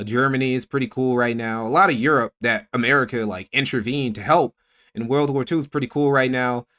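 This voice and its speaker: A man's voice: mid-range voice, a bit bright. Sarcastic, profane young male streamer. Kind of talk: casual chat reacting to a clip.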